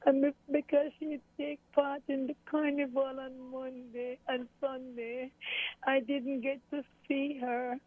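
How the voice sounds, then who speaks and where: A woman's voice: high voice, flat delivery, slow pace. A middle-aged Jamaican woman in an interview, recalling events with her daughter and quoting what others said, tearful at times. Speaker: interviewee, mother of a missing woman. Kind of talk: emotional interview recollection. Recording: tinny phone-like dry sound.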